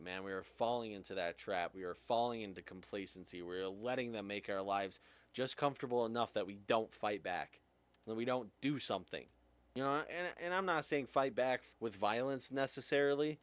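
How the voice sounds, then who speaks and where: Podcast host, male, low voice, fired-up swearing rant, dry close sound. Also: normal speed, smooth, no room sound. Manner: heated, swears often, pitch jumps when angry. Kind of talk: impassioned rant.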